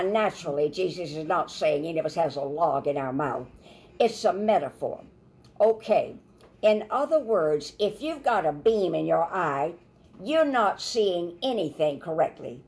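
A woman minister teaches scripture with lively energy. She tells everyday stories and slips into the voices of the people she quotes. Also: lowish voice. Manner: animated storytelling, acts out quoted voices. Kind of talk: Bible teaching sermon.

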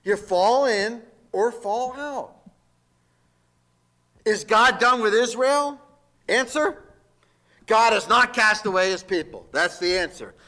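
Man, pastor, emphatic folksy sermon, high voice, slow delivery. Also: animated, pushed and bright. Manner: folksy, emphatic preaching with jokes.

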